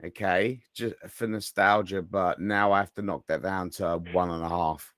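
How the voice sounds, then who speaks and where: A man's voice: low voice, steady tone, moderate pace, fairly bright tone, no echo, studio quality. A man co-hosting a wrestling podcast, chatting casually with a joking manner. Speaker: podcast co-host. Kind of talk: casual chat.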